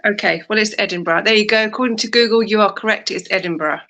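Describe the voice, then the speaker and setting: A woman's voice: mid-range voice, fast talker, fairly bright tone. A woman chatting as co-host on a livestream, joking and lightly exasperated. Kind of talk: casual livestream chat.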